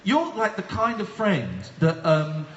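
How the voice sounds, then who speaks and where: A man hosts a live comedy show with a high, animated voice and a teasing, deadpan manner. The sound is echoey and a little dull, like a live room recording. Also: measured pace, slight background noise. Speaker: host. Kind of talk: live comedy radio chat. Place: live stage show with audience.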